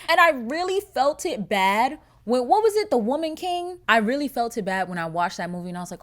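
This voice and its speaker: A young woman hosting a podcast, talking in a casual, animated, profane monologue full of filler words. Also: a little high, brisk, hardly any pauses. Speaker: podcast host.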